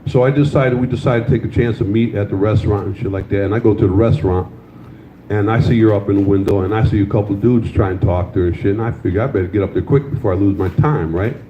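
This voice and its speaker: An older male comedian tells crude dating stories on stage and ribs the crowd between punchlines. His voice is mellow and relaxed. The live recording sounds roomy and a little muffled, with faint room noise behind him. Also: lowish voice, fast talker. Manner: loose, crude storytelling with crowd banter. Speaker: stand-up comedian. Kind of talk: stand-up comedy set. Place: comedy club stage with audience. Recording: slightly dull, roomy live club sound.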